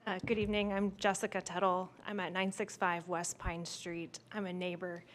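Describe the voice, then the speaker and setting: A woman giving public comment as a neighbor at a town meeting, speaking warmly and sincerely in support. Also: lowish voice, flat delivery, moderate pace, slight background noise. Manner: heartfelt, warm toward her neighbor. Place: town hall meeting room.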